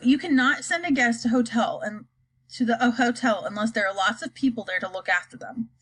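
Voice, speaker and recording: A woman reading a children's book aloud in a lively, expressive way with occasional slips. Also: fairly high pitch, fairly quick, slightly rough, rough recording. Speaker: narrator. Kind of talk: storybook read-aloud.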